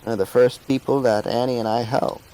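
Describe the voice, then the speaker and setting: A man's voice: medium pitch, steady tone, a little fast, mellow, voice pushed up, natural voice, rough recording. A man voicing a fond motherly older woman. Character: warm motherly older woman, proud mentor.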